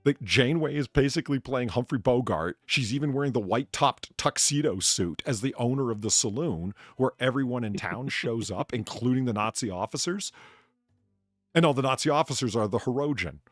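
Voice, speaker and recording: A man's voice: mid-range voice, expressive, fairly quick, no room sound, clean studio sound, soft background music. A man hosting a casual chat, telling stories animatedly and laughing often. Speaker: streamer bartender host.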